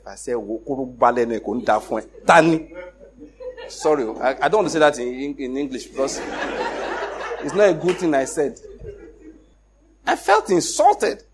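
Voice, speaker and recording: A middle-aged Nigerian man with a Nigerian accent, telling a personal story in an animated way, acting out the dialogue and laughing often. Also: medium pitch, slightly rough. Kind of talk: casual storytelling.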